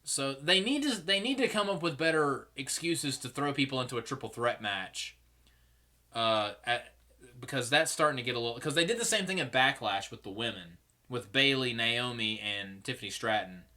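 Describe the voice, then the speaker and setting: A man's voice: mid-range voice, expressive, moderate pace, pushed and bright. A young man hosting a solo podcast, giving rambling, opinionated commentary and swearing freely. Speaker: podcast host.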